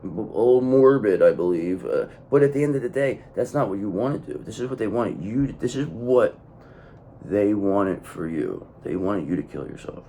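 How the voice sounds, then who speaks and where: A man's voice: on the low side, animated, normal speed, dark tone, slight background noise. A man giving a blunt, profane tarot reading to his viewers, hammering points home by repeating the same phrase. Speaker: tarot reader.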